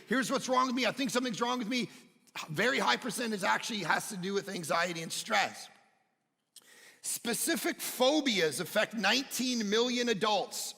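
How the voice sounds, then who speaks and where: A man preaching a sermon as pastor, animated, swinging between loud emphatic peaks and quiet low stretches. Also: creaky. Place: church sanctuary. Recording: church hall reverb.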